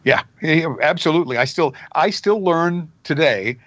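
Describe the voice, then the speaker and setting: An older voice actor chats through his stories, bouncing between his own voice and quick character bits. The sound is a little dull and dry, as from a remote recording. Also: a little high, dry recording. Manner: animated, jumps into character voices mid-story. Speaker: voice actor guest. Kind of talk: casual interview storytelling.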